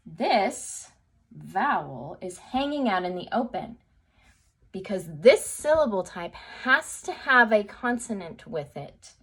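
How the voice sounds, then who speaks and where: A woman's voice: medium pitch, big pitch swings, slow, fairly bright tone, husky. A woman teaching a phonics lesson to young children, sing-song and encouraging, often checking in with an okay. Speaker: second grade teacher.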